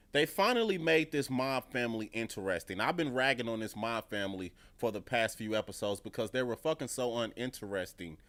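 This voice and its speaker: A man's voice: mid-range voice, fairly bright tone. A man giving a casual reaction review of a TV episode, profane and emphatic, often repeating his points. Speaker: TV show reviewer.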